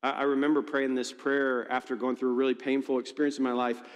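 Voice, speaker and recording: A male pastor preaches in a casual, storytelling way, often restarting his sentences. His voice sits at an ordinary middle pitch. It rings out with the long reverb of a large church hall. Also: flat delivery, quick pace, highs cut off. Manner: conversational, storytelling, frequent restarts. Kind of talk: sermon. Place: church auditorium.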